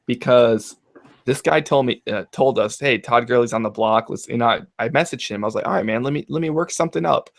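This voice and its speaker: A man co-hosting a casual fantasy football podcast, ranting in an animated, profane way. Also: mid-range voice, a little fast, vocal fry. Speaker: podcast co-host.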